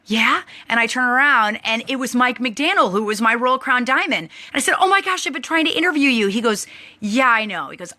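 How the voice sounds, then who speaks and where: A woman host telling a lively personal story to her online audience, bubbly and chatty with lots of likes and restarts. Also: mid-range voice.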